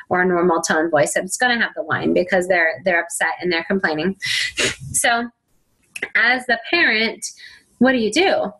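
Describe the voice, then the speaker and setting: A woman's voice: medium pitch, fairly bright tone, low-quality recording. A middle-aged woman teaching a faith-based self-help talk, acting out quoted voices as she goes. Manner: acts out quoted voices and whiny children.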